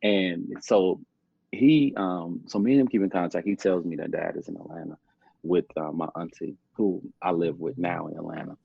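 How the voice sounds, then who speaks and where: Deep husky young man telling his story. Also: fairly even intonation, normal speed, dry recording. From Chicago. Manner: rambling, repeats himself, peppers speech with "man". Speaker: podcast guest. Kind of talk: casual storytelling interview. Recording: muffled lo-fi podcast audio.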